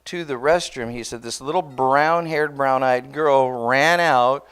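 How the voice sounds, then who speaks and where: A man's voice: mid-range voice, a little slow, fairly bright tone, smooth. A pastor telling a personal story in a sermon, conversational and earnest, often restarting his words and speaking straight to the congregation. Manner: addresses the congregation directly.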